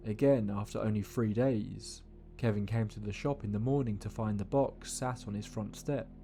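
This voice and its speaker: A man giving a scripted horror story narration, measured and slowing down for suspense, with faint music behind him. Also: fairly low pitch, steady tone, mellow.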